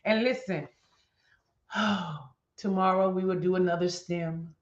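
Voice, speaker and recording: Bubbly woman host in an echoey room. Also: on the low side. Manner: bubbly and excitable, bursting into laughter, then slow and earnest when praying. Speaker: host of a daily devotional video series. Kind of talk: casual chat and spoken prayer. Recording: roomy, dull lo-fi sound.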